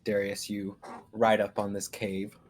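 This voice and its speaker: A man narrating as game master of a live tabletop game, in a relaxed, loose way. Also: on the low side, measured pace, slight background noise.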